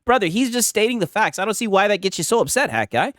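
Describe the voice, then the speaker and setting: A man's voice: high-pitched, expressive, quick pace, fairly bright tone, no room sound, studio quality. A man hosting a live reaction stream, mocking and sarcastic, laughing often and ending lines with "right?".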